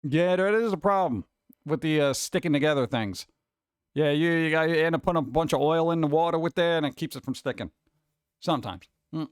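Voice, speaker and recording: A man's voice: on the high side, brisk, clean tone, no room sound, studio quality. A man hosting a casual stream and reading viewer comments, rambling and joking about himself. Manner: rambling, joking, self-deprecating. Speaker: streamer host.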